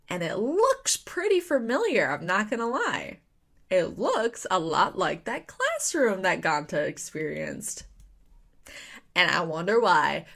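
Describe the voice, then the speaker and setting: A young woman talks through her reactions in a loose, chatty review. Her voice sits at an ordinary middle pitch. She rambles with plenty of fillers and rhetorical questions and gets excited easily. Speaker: manga reviewer. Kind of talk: casual spoken review.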